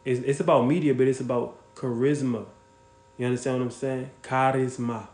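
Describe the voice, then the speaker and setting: Swearing freely and speaking bluntly, a man runs a casual livestream where he reacts to viewers and names them. His ordinary male voice stays fairly flat in pitch, moves a little fast, and echoes as if in a large room.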